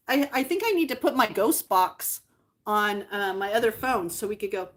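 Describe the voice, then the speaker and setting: A woman's voice: medium pitch, expressive, normal speed, fairly bright tone. Chatty woman vlogger cooing over old dolls. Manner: chatty, doting, rambling with fillers. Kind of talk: casual livestream chat.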